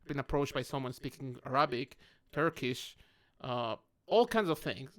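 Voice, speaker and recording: A man's voice: mid-range voice, expressive, moderate pace, a bit bright. A man from Mexico chatting casually on a podcast, calling his friend "mate" and restarting his sentences often. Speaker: podcast co-host. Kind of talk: casual chat over drinks.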